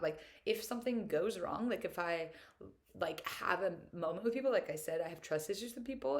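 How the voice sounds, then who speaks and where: A young woman talking to camera in a casual reflective monologue, chatty and upbeat, full of filler words and open about her feelings. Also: lowish voice. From United States. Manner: earnest and openly emotional at times. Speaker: vlogger.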